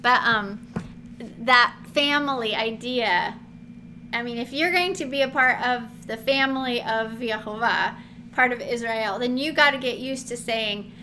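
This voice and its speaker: High-voiced woman teaching Bible, chatty. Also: unhurried. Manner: chatty, animated, laughs often, acts out quotes. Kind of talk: casual Bible teaching to camera. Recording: noticeable background noise.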